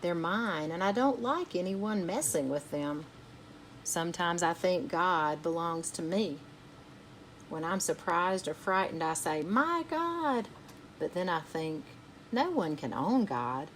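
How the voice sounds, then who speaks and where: A woman reads a children's picture book aloud in a slow, unhurried way, with a fairly low voice. She is gentle and stops to put soft questions to young listeners. A faint hiss of noise sits under the recording. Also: expressive. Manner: gentle, asks listeners questions between passages. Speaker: children's storytime reader.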